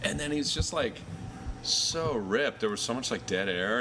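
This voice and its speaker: A low-voiced man from Idaho chats as a guest in an easygoing, storytelling way. His speech is casual and full of slang fillers. The recording picks up a clearly noisy room around him. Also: lively intonation, brisk. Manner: laid-back storyteller, says "like" and "dude" a lot. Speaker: songwriter guest. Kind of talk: casual interview chat.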